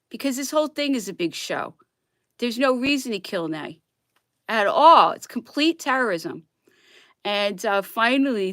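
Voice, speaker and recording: Reading history memoirs aloud, this woman vlogger delivers impassioned, ranting commentary in a mid-range voice. She lurches between loud outbursts and hushed whispers, repeatedly adding a pointed "okay?", and the studio sound is clean with no echo.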